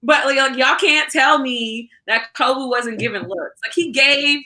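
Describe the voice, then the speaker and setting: A woman co-hosting a book club livestream, chatting excitedly and reading viewer comments. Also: sits high, measured pace. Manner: excitable, reads chat comments aloud. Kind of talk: casual livestream chat.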